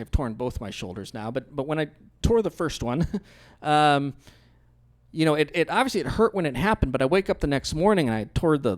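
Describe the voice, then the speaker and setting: Lively conversational male pastor preaching. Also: mid-range voice. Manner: conversational storytelling with laughs and acted quotes. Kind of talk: sermon.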